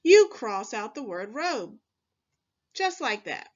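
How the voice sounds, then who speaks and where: A woman teacher giving a recorded first grade phonics lesson, speaking slowly and clearly to young children with encouraging words. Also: on the high side, sing-song, dull audio. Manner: slow, clearly enunciated, encouraging teacher talk.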